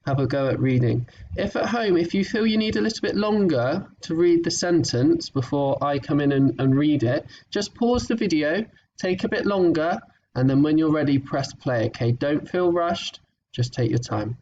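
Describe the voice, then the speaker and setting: A man teaching a recorded phonics lesson to young children, encouraging and patient, sounding words out slowly. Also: a little high, lively intonation, a little mellow, recorded from a distance, highs cut off, slight background noise.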